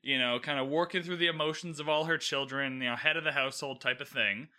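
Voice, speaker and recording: Bright, slightly high male co-host, rambling and filler-heavy, casual podcast chat. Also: fairly even intonation, fast talker. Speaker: podcast co-host reviewing a TV series.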